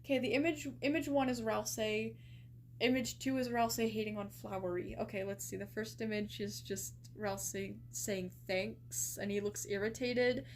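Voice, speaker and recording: A woman's voice: medium pitch, fairly even intonation, normal speed, a little hiss or hum. A young woman streaming live, chatting casually with lots of fillers and incredulous reactions.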